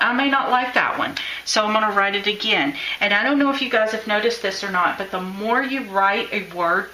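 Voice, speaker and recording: A bright-voiced woman teaches a live craft lesson, talking casually and encouragingly as she demonstrates. The room is echoey, with faint ambience behind her. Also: mid-range voice, a little hiss or hum. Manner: chatty, encouraging, thinks aloud while drawing.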